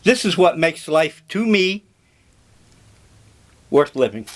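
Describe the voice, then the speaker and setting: An older male vlogger rambles through a breakfast monologue, drifting from thought to thought. He speaks slowly in a drawl, with a somewhat high, sing-song voice and a musing, eccentric manner.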